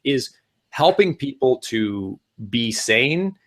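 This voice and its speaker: Excitable man giving advice. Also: mid-range voice, takes it slowly. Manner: animated, speeds up when excited. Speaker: podcast co-host. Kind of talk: casual advice talk.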